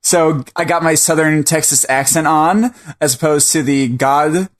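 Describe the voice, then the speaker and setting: Earnest, higher-voiced podcast guy. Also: a little slow. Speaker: podcast co-host. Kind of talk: casual chat.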